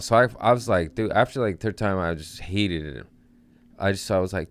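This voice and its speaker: A man hosting a comedy podcast, telling a rowdy story in a profane, animated way and laughing along. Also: deep voice, fairly quick, dry recording. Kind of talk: casual storytelling.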